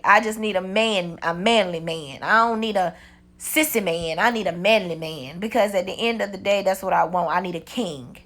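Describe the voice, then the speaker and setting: A woman in her forties telling a storytime vlog in a blunt, profane, animated way. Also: medium pitch. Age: 40s. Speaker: vlogger. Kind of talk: casual storytime monologue.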